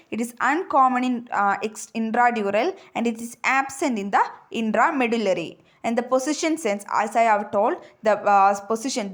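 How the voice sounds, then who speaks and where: A woman giving a medical lecture, hesitant, with frequent fillers and self-corrections, repeating key points. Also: fairly high pitch.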